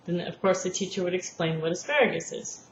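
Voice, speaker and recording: This woman speaks in a lowish voice at a brisk clip, walking through a lesson plan as a language therapy teacher. She explains patiently and acts out classroom examples. The audio is roomy, dull and lo-fi, with faint noise.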